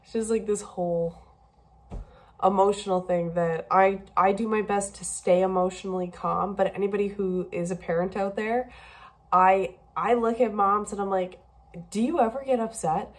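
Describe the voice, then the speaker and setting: A woman's voice: mid-range voice, steady tone, moderate pace. A young woman talking candidly in a personal video diary, emotional and a bit rambling, tearful at times. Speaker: vlogger.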